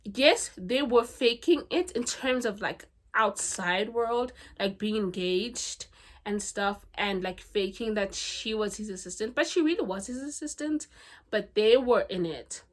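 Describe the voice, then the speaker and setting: A woman's voice: medium pitch, a little slow. A young woman from South Africa chatting about her favorite books, giggly and full of "like" and "legit". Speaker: book reviewer. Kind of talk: casual book review chat.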